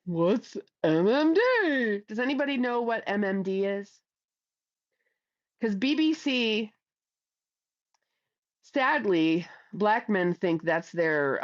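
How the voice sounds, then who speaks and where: A woman's voice: medium pitch, no echo. Middle-aged woman hosting a stream, crude and chatty, slightly lo-fi mic. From Ohio, USA. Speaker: livestream host reading chat. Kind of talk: casual livestream chat.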